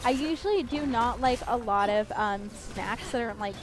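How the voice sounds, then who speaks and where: A young woman streaming a game, talking fast and expressively, rambling with lots of fillers and restarts. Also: a little high, over music. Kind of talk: casual chat while gaming.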